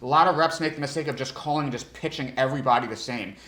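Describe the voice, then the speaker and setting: A man teaching sales technique in a direct, energetic coaching style. He often restarts his sentences as he talks. His voice sits at a medium pitch and rings around an echoey room. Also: fast. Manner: energetic coaching, with frequent restarts and demonstrated tones. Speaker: sales trainer. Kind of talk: instructional talk.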